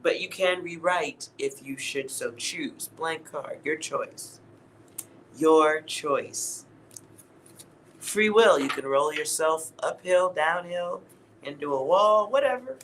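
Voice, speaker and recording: Bright-voiced man giving a slow tarot reading. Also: a little high, animated, a little hiss or hum, poor audio. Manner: loose, blunt, laughs at himself, swears. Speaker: tarot reader. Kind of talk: casual tarot reading to camera.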